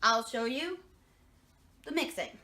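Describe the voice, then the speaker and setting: A woman's voice: on the high side, very animated, a little slow, sharp tone, a little hiss or hum. A woman vlogger chatting casually and jokingly while making a recipe in her home kitchen. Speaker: cooking vlogger. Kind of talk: casual chat while cooking.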